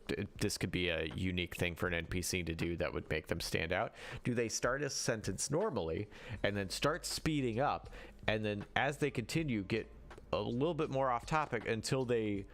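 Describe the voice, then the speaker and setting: Gravelly low-voiced man hosting a stream. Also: a bit bright. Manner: rambling, with frequent restarts and self-corrections; answers viewer chat as he goes. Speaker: livestream host. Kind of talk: casual livestream talk on running games.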